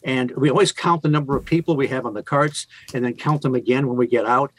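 A man working as a museum tour guide, telling chatty stories in an interview with a playful, deadpan humor. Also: mid-range voice, fast, no room sound, low-quality recording. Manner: chatty, lots of fillers and restarts, playful deadpan jokes. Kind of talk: enthusiastic interview storytelling.

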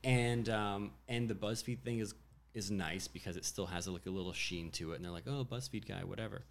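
A man's voice: fairly low pitch, brisk, a little hiss or hum. A man, a commercial director, talking casually and rambling with lots of fillers. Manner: relaxed, rambling, frequent "like". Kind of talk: casual chat.

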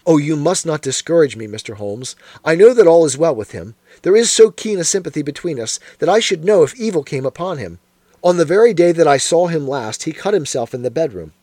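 A man's voice: fairly high pitch, dark tone, no room sound. A man reading a composed, earnest Victorian wife in an audiobook, speaking in an insistent, pleading way.

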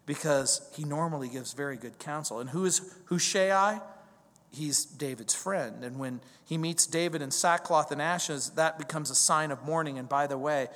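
A man preaching a verse-by-verse sermon in a conversational, animated way, building emphasis through repetition. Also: fairly high pitch, moderate pace. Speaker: pastor. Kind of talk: expository sermon. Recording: long hall reverb.

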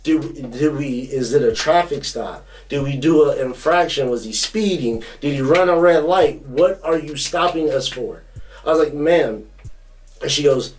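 A young man co-hosting a podcast, telling a story in a casual, profane, animated way. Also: a little high, measured pace, far from the mic, poor audio. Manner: animated, profane, acts out quotes. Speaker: podcast co-host.

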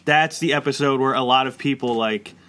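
A man's voice: mid-range voice, fairly even intonation, a little fast, bright, forceful tone. A man around forty chatting casually and rambling, with lots of "like" fillers. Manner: rambling, heavy use of "like" fillers. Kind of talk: casual chat.

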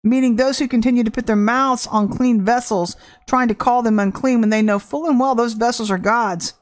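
A woman's voice: fairly high pitch, fairly even intonation. Fervent woman preaching prophecy. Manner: fervent, emphatic, shifts between drawn-out and rushed phrases. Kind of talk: prophetic sermon.

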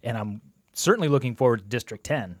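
A man talks casually as a podcast guest, spelling out his views at a brisk clip. His voice sits at an ordinary pitch and is recorded dry and close, with no room sound around it. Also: animated, no room sound. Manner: opinionated, quick to explain his views. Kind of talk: casual chat.

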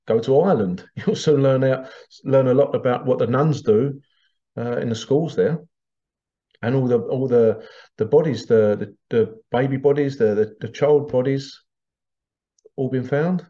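A podcast host talks in a casual, wandering monologue, restarting phrases and chuckling as he goes. His voice sits at an ordinary pitch with a dark, relaxed tone, and the recording sounds dull and lo-fi. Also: moderate pace. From Britain. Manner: rambling, conversational, laughs often, frequent restarts.

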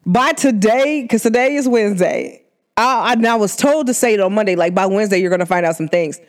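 A spiritual energy reader who talks casually and directly to listeners, humming "mm" between thoughts and swooping up high when laughing. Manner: chatty and animated, addresses listeners directly; hums and drawn-out "mm" sounds between thoughts. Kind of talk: casual spoken energy reading to viewers.

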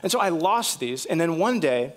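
Casting: male pastor, fairly high voice, chatty storyteller in the pulpit. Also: sing-song, normal speed. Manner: conversational storytelling preacher, acts out dialogue. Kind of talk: sermon.

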